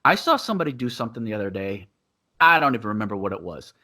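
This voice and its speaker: A man's voice: fairly low pitch, big pitch swings, rapid-fire, bright, forceful tone. Rambling, laughing man on a podcast. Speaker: podcast co-host and Muay Thai coach. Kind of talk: casual chat. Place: living in Thailand.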